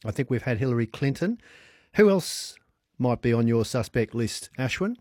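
Chatty radio quiz host. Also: male voice, mid-range voice, very animated, normal speed, a little mellow, dry recording, clean studio sound. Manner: chatty, upbeat, laughs easily. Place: radio studio.

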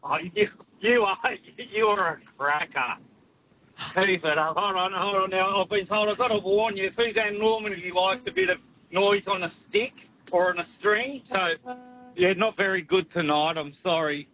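Man calling in, high voice, rambling and jokey, stumbling over words, faint noise behind, calling from a truck. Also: normal speed, sharp tone, muffled recording. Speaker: radio caller. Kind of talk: casual phone-in chat.

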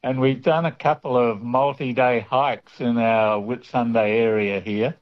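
A man's voice: mid-range voice, fairly even intonation, a little slow. Friendly man on a muffled line. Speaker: caller. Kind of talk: phone-in chat.

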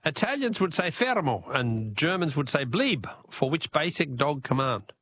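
A man's voice: fairly high pitch, very animated, normal speed, a bit bright, slightly rough, no room sound, studio quality. An Australian man hosting a radio talkback quiz in a chatty, jokey way, chuckling at himself between callers.

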